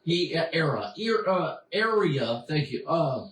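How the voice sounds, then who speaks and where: A man with a slightly raised pitch trades quick, eager remarks as a co-host, cutting in to pin down details. The mic sits well back from him, and the sound rings around a reverberant room. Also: very animated, a bit bright. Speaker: podcast co-host. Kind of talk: casual chat. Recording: roomy sound from a distant mic.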